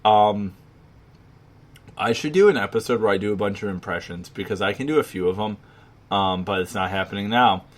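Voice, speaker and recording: A podcast co-host with a lowish voice chats casually at a fairly quick clip, rambling and leaning heavily on filler words.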